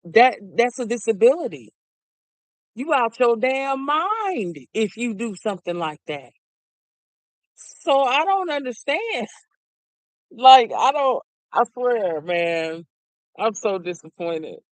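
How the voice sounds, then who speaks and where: A man's voice: extremely high pitch, big pitch swings, takes it slowly, no room sound, low-quality recording. A middle-aged man talking in a casual, rambling monologue who laughs often. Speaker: vlogger.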